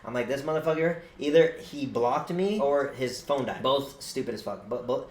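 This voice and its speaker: A young man streamer telling a story in casual chat, animated and swearing a lot. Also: mid-range voice, moderate pace. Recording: roomy echo, faint noise.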